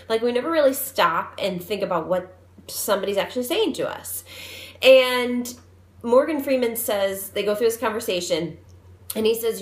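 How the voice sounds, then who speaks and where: A woman's voice: mid-range voice, normal speed, reverberant. A woman in her thirties, a fitness coach and mom, chatting openly and a bit rambling about feeling stressed. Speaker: fitness coach and personal trainer. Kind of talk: casual talk to camera.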